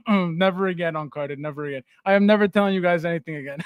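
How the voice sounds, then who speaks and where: In a dry, studio-quality recording, a man with a high-pitched voice hosts a casual livestream at a moderate pace. He reads out viewers' comments, laughs frequently, and repeats words to get a laugh.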